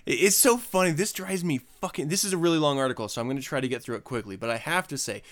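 A man's voice: on the high side, fast talker. A man hosting a podcast in casual chat, ranting profanely and laughing often. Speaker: podcast host.

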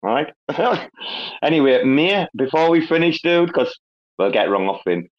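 A man's voice: fairly high pitch, big pitch swings, measured pace, dull audio. A man with an English accent hosting a casual online chat, swearing constantly and laughing as he tells stories. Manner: profane, laughing, storytelling with a northern English slang. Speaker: host. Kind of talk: casual crypto community chat.

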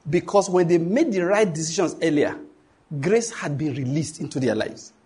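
A man's voice: a little high, breathy edge. A middle-aged man with a Nigerian English accent preaching a sermon, emphatic and questioning the congregation so they finish his lines.

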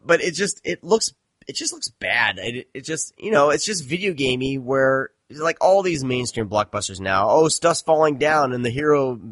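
A man's voice: mid-range voice, a bit bright, no echo, clean studio sound. Rambling, profane male podcast host. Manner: rambling, profane, self-deprecating. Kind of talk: casual chat.

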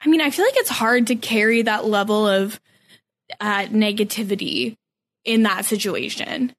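A woman's voice: mid-range voice, normal speed. A woman co-hosting a podcast, chatting casually through a recap, laughing often and acting out quotes. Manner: laughs often, quotes people in animated bits. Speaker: podcast co-host.

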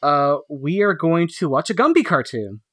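A man's voice: fairly high pitch, sing-song, normal speed, over music. Laughing, rambling podcast man. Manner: laughs often, rambling with many fillers. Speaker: podcast co-host. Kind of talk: casual chat reviewing cartoons.

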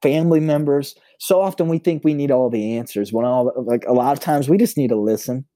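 A man with a warm, mellow voice tells stories in a podcast chat. He is a pastor with an outgoing manner who often stumbles and restarts his phrases. The recording is close and dry. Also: a little fast, no echo. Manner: self-described high extrovert. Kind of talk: personal storytelling in casual conversation.

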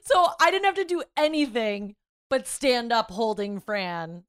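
Brief: young woman co-host, lively and profane storyteller, smooth higher voice, dry close sound. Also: unhurried, no room sound. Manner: animated, swears freely. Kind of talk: casual storytelling chat.

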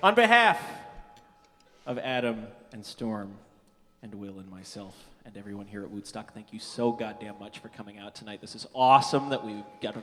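A man's voice: on the low side, expressive, normal speed, bright, forceful tone. A man fronting a comedy band on a big stage, bantering and swearing with a crowd of over a thousand. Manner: profane, teasing, leads the crowd. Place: large venue before a crowd of over a thousand. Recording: live concert hall with crowd and music.

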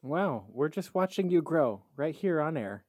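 Male co-host, emphatic and jokey, lively high voice. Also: measured pace, dry recording, clean studio sound. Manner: emphatic, joking, profane. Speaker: podcast co-host. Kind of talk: casual podcast chat.

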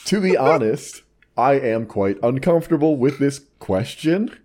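A man's voice: mid-range voice, lively intonation, a little slow, crowd noise. A man co-hosting a comedy podcast, reading online posts aloud and riffing on them with dry wit. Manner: dry, wry, reads quotes aloud in a mock voice. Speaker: podcast co-host.

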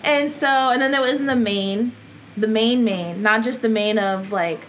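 A young woman, a wrestler guest on a podcast, telling stories in a casual, animated way with lots of "like". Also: fairly high pitch, moderate pace, a little hiss or hum, low-quality recording. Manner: animated, laughs often, lots of "like". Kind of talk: casual storytelling interview.

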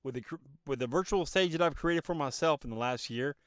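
A man delivers an emphatic, preachy motivational monologue as a podcast host, often asking himself rhetorical questions. His voice sits a little high and his throat sounds a bit choked up. The recording is dry and close, made on a phone in his car. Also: fairly quick, a bit bright, dry recording.

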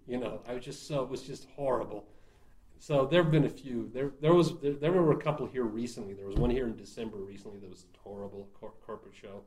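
A man who writes and performs murder-mystery shows, telling stories casually in an interview; he laughs often and restarts his sentences. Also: mid-range voice.

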